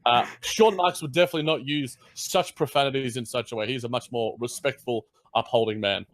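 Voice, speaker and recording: A man's voice: mid-range voice, a little fast, fairly bright tone. Give me an Australian man co-hosting a sports chat, rambling and full of filler words. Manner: rambling, many fillers and restarts. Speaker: podcast co-host.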